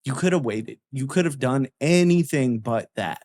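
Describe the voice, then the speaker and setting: A man's voice: medium pitch, animated, moderate pace, darkish tone. A man telling a story in casual chat, swearing freely and acting out both sides of a heated argument.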